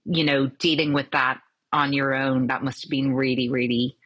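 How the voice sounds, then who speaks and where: Low husky woman hosting a podcast. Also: little pitch movement, moderate pace, a bit bright, no echo. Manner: reflective, searching for words. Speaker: podcast host. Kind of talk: empathetic interview conversation.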